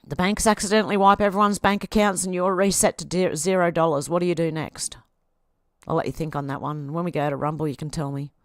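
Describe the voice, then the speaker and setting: An Australian woman with a lowish voice hosts a livestream, reading social media posts aloud and talking back at them with sarcastic asides. The recording is dry and studio quality.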